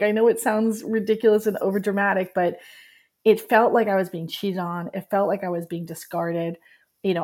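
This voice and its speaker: Middle-aged woman guest, low-ish voice, candid and animated storyteller. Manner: candid, animated, laughs while telling. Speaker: guest, writer. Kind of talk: emotional personal storytelling.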